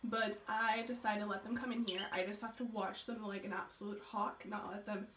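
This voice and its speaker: A woman's voice: mid-range voice, level tone, fairly quick, echoey room, background noise. A young woman casually chatting in a home vlog, switching into sing-song baby talk with her pet birds. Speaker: vlogger. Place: at home indoors.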